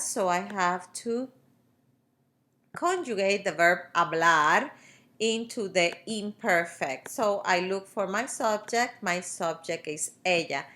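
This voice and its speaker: A woman's voice: medium pitch, fairly bright tone. A woman teaching a grammar lesson over a screen recording, explaining step by step with patient fillers. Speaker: Spanish teacher.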